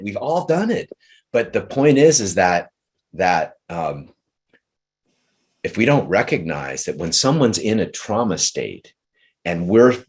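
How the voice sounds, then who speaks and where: A man leading a group session on relationships, talking earnestly and slowly, often restarting his sentences. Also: low voice, breathy edge. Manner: earnest, slow and searching, many restarts. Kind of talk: coaching talk with a participant.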